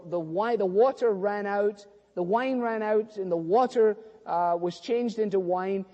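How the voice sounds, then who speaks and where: A man preaching a sermon, animated as he acts out dialogue between biblical figures. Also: high-pitched, highs cut off. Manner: animated storytelling, acting out dialogue. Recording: long reverb of a hall.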